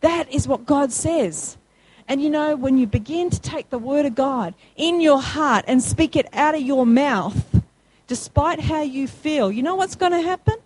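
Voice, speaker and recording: A woman preaching a sermon, emphatic and repetitive, climbing to excited high peaks when she calls out to the congregation. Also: measured pace, poor audio. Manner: emphatic, rising to high call-and-response peaks.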